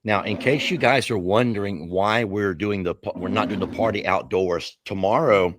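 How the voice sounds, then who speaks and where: A man hosting a casual chat from his home and yard, relaxed and rambling, often restarting his sentences, recorded on a laptop mic. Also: lowish voice, moderate pace, background noise. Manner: relaxed, rambling, self-correcting. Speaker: host. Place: home and backyard.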